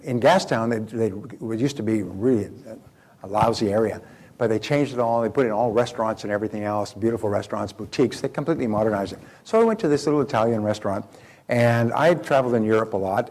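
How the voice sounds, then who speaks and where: Gravelly man telling seminar stories. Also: fairly low pitch, quick pace, a little mellow. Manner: anecdotal storytelling, repeats phrases for emphasis; addresses audience directly with questions. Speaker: seminar speaker. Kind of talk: live motivational seminar talk.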